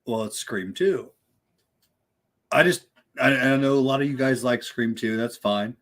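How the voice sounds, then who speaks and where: A man's voice: mid-range voice, a little slow, a bit bright. A man co-hosting a casual horror movie livestream, rambling with repeated words and lots of "dude" and "like". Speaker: livestream co-host.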